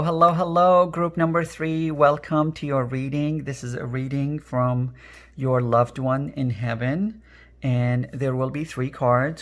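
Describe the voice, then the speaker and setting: A man with a raspy, strained voice giving an earnest pick-a-card reading, repeating phrases with many fillers. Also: medium pitch. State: emotional, voice strained. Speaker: energy worker and tarot card reader.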